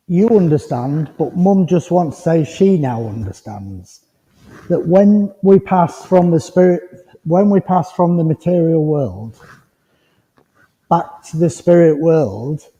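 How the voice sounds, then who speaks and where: A man giving a mediumship demonstration to a congregation, talking in a chatty, rambling and gently reassuring way. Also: a little high. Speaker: spiritualist medium. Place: village hall. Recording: dull lo-fi recording with long hall reverb.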